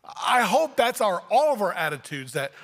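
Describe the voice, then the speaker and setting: A man's voice: high voice, very animated, normal speed, fairly bright tone, in a large hall. A man preaching a sermon as pastor, talking in a conversational way and acting out little family dialogues. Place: church sanctuary.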